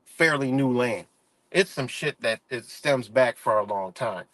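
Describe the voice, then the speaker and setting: A man's voice: medium pitch, unhurried, fairly bright tone, no room sound. A man hosting a casual livestream, ranting heatedly and profanely with lots of fillers and restarts. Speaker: livestream host.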